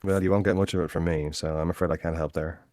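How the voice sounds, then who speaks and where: A man with a very low voice co-hosting a casual podcast chat. He rambles, stops to correct himself and swears freely. The sound is dry and close to the mic. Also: steady tone, quick pace, darkish tone, dry recording. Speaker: podcast co-host.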